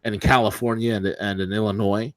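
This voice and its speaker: A man's voice: lowish voice, steady tone, fairly quick, no echo. A man co-hosting a political talk show, ranting combatively and sarcastically.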